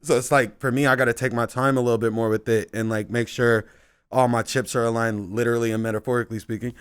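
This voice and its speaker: A laid-back man chatting casually, cursing often and tossing in "bro" at every turn. His voice is smooth and clear, with a dry, close sound and no room echo. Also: mid-range voice, flat delivery, quick pace. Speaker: musician guest. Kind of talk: casual chat.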